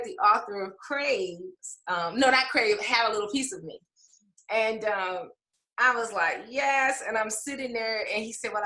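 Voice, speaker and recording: A woman's voice: a little high, pushed and bright, echoey room, poor audio. A woman author and English professor telling her publishing story in an interview, emotional and laughing often, with frequent fillers. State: tearful at times.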